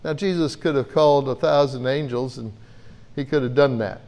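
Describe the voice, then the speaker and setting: A man's voice: mid-range voice, normal speed, darkish tone. A man preaching a Bible-teaching sermon in an earnest way, often repeating words as he gathers his thoughts.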